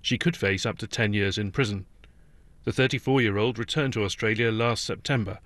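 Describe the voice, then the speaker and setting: Measured male newsreader, dry studio. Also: fairly low pitch, fairly bright tone, dry recording. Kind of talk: radio news bulletin. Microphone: studio microphone.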